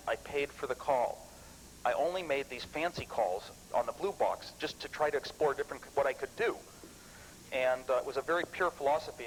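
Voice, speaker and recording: A man in his thirties tells stories to a club audience, lively and animated, tumbling through restarts as he goes. His voice sits at an ordinary middle pitch. A faint hiss of noise runs underneath. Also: poor audio. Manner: lively storyteller, animated and chuckling; rambling with frequent restarts. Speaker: guest speaker at a computer club. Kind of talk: anecdotal talk to a live audience.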